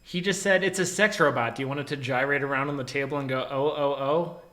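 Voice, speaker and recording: A man co-hosting a reaction video, animated and laughing, with crude jokes. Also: medium pitch, fast. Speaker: co-host.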